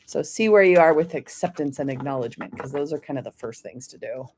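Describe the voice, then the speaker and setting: Gentle encouraging woman reading oracle cards. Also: low-pitched, lively intonation, fast, a little hiss or hum. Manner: gentle, encouraging, addresses viewers by name with frequent "okay?". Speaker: oracle card reader, host of a weekly live stream. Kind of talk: live-stream card readings.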